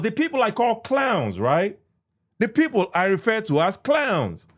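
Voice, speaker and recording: A man's voice: sits high, huge pitch swings, unhurried. A young Nigerian man with a Nigerian English accent and pidgin, hosting a podcast and ranting heatedly, repeating himself and cursing. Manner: heated, repetitive, cursing, indignant. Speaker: podcast host reacting to an interview. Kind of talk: ranting commentary.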